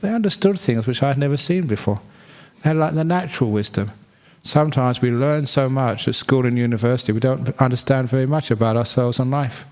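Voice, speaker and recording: A man's voice: mid-range voice, fairly quick, darkish tone. A man who is a Buddhist monk, telling a story in a chatty, humorous dharma talk. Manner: humorous, chatty, laughs at own jokes.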